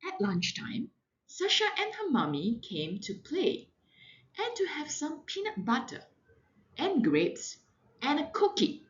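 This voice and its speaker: A woman, a mother, reading a children's storybook aloud in a slow, very expressive, sing-song way. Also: high voice, lo-fi sound. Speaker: mother reading to her daughter.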